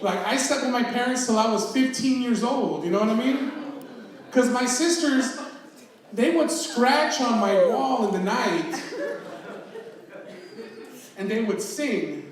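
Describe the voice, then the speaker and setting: A man in his thirties works through a self-mocking stand-up set, acting out the lines of the people in his stories. His voice sits high and his delivery is unhurried. He sounds distant, in a very echoey hall, with an audience laughing clearly throughout. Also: a crowd in the background. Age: 30s. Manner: self-mocking storytelling with acted-out quotes. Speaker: stand-up comedian. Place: live comedy show in an echoey hall. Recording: roomy live hall recording from far off, audience laughter.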